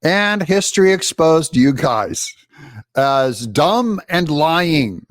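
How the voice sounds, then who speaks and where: A man's voice: fairly high pitch, big pitch swings, slow, dry recording, studio quality. A man hosting political commentary, mocking and sarcastically rebutting news clips.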